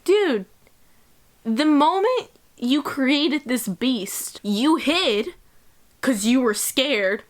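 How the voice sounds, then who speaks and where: A woman's voice: high-pitched, animated, extremely slow. A woman of about twenty in a casual video diary, swearing a lot and ranting sarcastically. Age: 20s. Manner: profane, fired-up, sarcastic. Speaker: vlogger.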